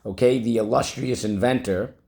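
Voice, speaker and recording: A man's voice: medium pitch, creaky, a little mellow. A male teacher giving a vocabulary lesson to children, drawing out words syllable by syllable. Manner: drawn-out, syllable-by-syllable word drills. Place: classroom.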